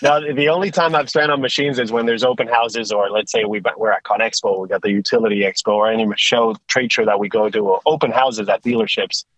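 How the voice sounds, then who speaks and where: A man's voice: on the low side, a little fast, hardly any pauses, poor audio. Man telling stories. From Sweden. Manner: animated storyteller with frequent restarts. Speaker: guest, tilt rotator company executive. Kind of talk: casual conversational storytelling.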